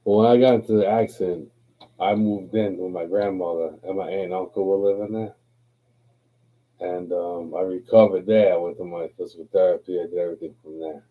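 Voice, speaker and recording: A man's voice: sits low, steady tone, fairly quick, narrow, tinny audio. A tipsy man hosting a livestream, rambling in a laid-back, profane way. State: tipsy from drinking. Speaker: livestream host. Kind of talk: rambling casual livestream chat.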